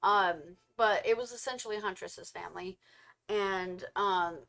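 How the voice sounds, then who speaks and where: A young woman in a casual couple's film review, rattling through the plot with lively energy. She jumps into quick voices for each character as she goes, laughing and backtracking when she gets names wrong. Her pitch sits mid-range but swings around as she tells it. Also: gravelly. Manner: animated storytelling, acting out characters in quick quotes.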